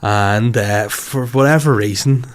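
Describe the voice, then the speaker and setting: A man's voice: fairly low pitch, measured pace. A man hosting a podcast, joking and rambling through casual, teasing banter. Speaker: podcast host.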